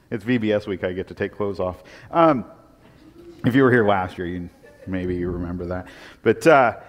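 A man preaching a sermon in a relaxed, conversational and thoughtful way. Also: medium pitch. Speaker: pastor. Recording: echoey hall.

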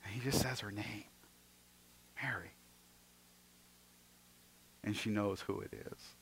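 A man preaching a sermon, retelling stories with acted-out voices and moving between emphatic passages and hushed ones. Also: on the low side, fairly even intonation, fairly quick, gravelly, husky. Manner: storytelling, acting out scenes in varied voices; swings from loud and emphatic to hushed. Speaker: pastor.

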